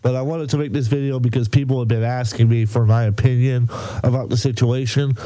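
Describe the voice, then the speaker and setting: A man's voice: medium pitch, steady tone, brisk, warm tone, no room sound. A man hosting a reaction video in casual, blunt commentary, still sick, with audible breathing and an incredulous, profane way of talking.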